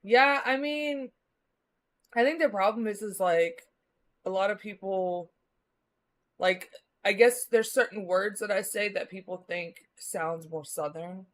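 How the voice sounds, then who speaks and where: A woman's voice: medium pitch, unhurried. A woman from the Midwest, chatting casually with her live-stream viewers as she rambles along, using lots of filler words. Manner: rambling, many filler likes.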